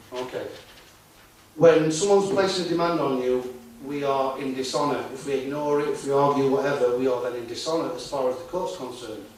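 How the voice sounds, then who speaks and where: A man giving a talk to a conference audience in a conversational way, often putting rhetorical questions to the listeners. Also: on the high side. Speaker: conference speaker. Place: conference hall. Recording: echoey hall, distant mic, faint noise.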